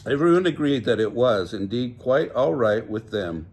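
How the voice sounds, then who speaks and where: An older man reading a children's picture book aloud, gently voicing each character. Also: fairly low pitch, unhurried, few pauses, slight background noise. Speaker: storybook reader.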